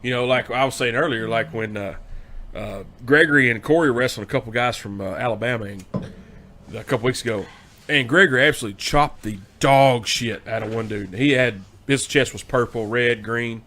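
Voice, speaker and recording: A man hosting a podcast, telling animated stories in casual chat and swearing freely. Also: mid-range voice, fairly quick, a little hiss or hum. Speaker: podcast host.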